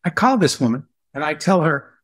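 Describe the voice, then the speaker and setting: A man's voice: a little high, fairly quick, breathy edge, dry recording. Upbeat storytelling man, dry close sound. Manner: animated storyteller who acts out dialogue. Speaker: guest speaker and entrepreneur. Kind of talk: storytelling in a live Q&A talk.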